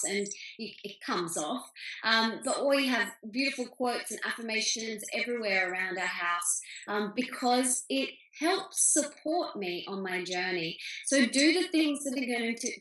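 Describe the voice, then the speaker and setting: A woman's voice: mid-range voice, pushed and bright. A woman, an author answering interview questions over a video call, talking with enthusiasm and acting out things her family said. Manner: enthusiastic, acts out family quotes. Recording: roomy video call audio.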